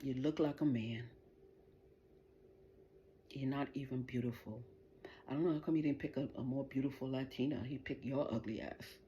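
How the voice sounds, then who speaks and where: A woman's voice: rumbling low, normal speed, long pauses, dark tone, highs cut off, slight background noise. A middle-aged woman hosting a livestream, delivering an angry, profane, taunting rant straight at the people she is addressing. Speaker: livestream host.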